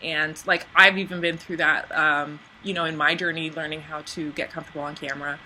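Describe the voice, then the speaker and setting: A woman coaching people on camera in a casual webinar, chatty with lots of "like", acting out little scenes in a high voice. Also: little pitch movement, a little fast, bright, forceful tone, a little hiss or hum. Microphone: computer microphone on a webinar.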